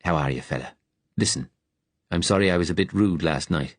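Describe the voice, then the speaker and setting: A man voicing a gruff, worn-out working man who swears casually and talks in a low, rough register. The delivery is dry and close, plainly spoken with a weary edge. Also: a little fast, no echo.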